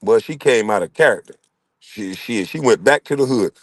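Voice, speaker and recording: Speaking at a moderate pace in a fairly low voice, a middle-aged man laughs frequently as he tells funny, profane stories in response to chat. No room sound is audible.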